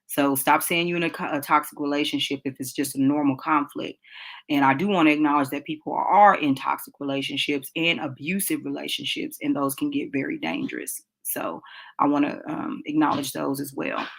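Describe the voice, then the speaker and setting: A woman's voice: sits low, brisk, creaky, fairly bright tone. A woman runs a live relationship class. She talks in a chatty, direct way, calling her listeners y'all and asking them to type into the chat. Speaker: podcast host teaching a relationship class. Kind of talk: casual live-class teaching.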